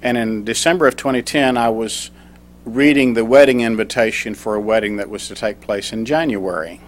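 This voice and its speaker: A middle-aged man giving a prepared club speech, telling a personal story and reading a poem slowly. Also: lowish voice, fairly even intonation. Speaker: club speaker.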